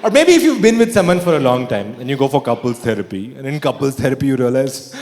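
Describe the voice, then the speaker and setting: A man doing a stand-up comedy set with dry, deadpan delivery that breaks into sudden outbursts and mocking put-on voices. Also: medium pitch, fast. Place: theatre stage before a laughing audience. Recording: echoey live hall with audience. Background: audience laughter.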